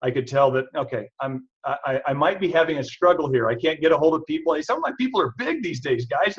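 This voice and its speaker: A man with a husky, slightly breathy voice talks to a live audience in a chatty, self-deprecating way, pitched a little high for a man. The sound is dull and lo-fi. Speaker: chiropractor presenting products. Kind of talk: casual product talk to an audience. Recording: dull lo-fi recording.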